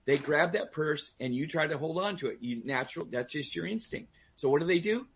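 A man's voice: fairly high pitch, expressive, brisk, a little hiss or hum. A man speaking as a guest on a talk show, giving personal safety advice with emphatic restarts and questions aimed at the audience.

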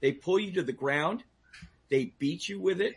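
A man's voice: sits high, normal speed, breathy edge. A man speaking as a guest on a talk show, giving personal safety advice with emphatic restarts and questions aimed at the audience.

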